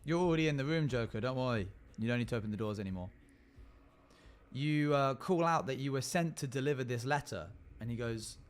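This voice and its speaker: A man's voice: mid-range voice, clear, resonant tone. A man narrating a role-play game as a streamer, with frequent halts and fillers. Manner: halting, filler-heavy narration.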